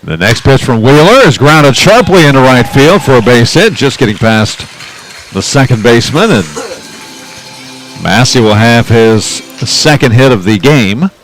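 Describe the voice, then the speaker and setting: A man doing play-by-play radio commentary for a baseball game, chatting and reading trivia between pitches. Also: sing-song, a little slow, soft background music, rough recording. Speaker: play-by-play announcer.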